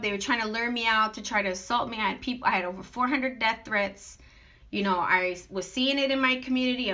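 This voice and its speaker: Aggrieved woman ranting to camera, sharp bright voice, dull lo-fi sound. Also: on the high side. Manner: aggrieved, emphatic, piles up long lists. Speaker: vlogger addressing critics. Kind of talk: unscripted monologue. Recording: dull lo-fi recording.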